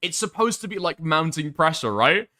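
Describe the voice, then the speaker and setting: A British commentary streamer with a slightly high, expressive voice reacts to video clips at a moderate pace, sounding pushed and bright. His casual reaction commentary is sarcastic and mocking, full of frequent laughter and heavy swearing.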